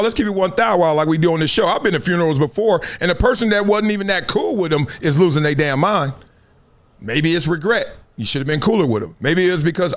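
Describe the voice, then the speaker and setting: A middle-aged man hosting a sports show, talking high and swooping wide as he drives his point home. He stacks short punchy phrases that climb in pitch, like a preacher building to a cry. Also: a bit bright. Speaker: show host. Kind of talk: animated sports commentary.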